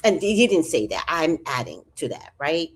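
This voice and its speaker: A woman's voice: low voice, big pitch swings, normal speed, slightly rough. A woman chatting casually on a livestream, reading out comments with rambling, profane asides and jokes. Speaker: vlogger.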